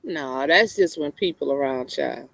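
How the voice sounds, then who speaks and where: A woman's voice: very deep voice, measured pace, creaky, dry recording. A female co-host in casual chat, sassy and teasing, laughing often.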